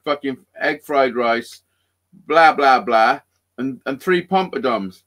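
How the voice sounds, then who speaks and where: A man's voice: mid-range voice, takes it slowly, fairly bright tone. A man, chatting casually on a live stream and telling stories with plenty of swearing and laughter. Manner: sweary, storytelling, laughs often. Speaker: co-host.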